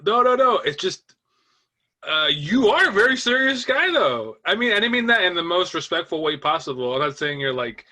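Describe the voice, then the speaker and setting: A laid-back male podcast host with a bright, fairly high voice. He asks easygoing follow-up questions and drops casual swear words. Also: very animated, moderate pace. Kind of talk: casual chat.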